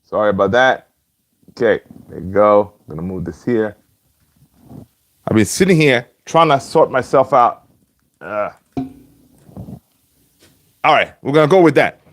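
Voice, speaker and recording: A man's voice: fairly low pitch, expressive, a little slow, long pauses, no room sound. A man hosting a casual fan live stream from home, chatting with viewers by name and using lots of fillers and restarts. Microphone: home streaming setup with webcam.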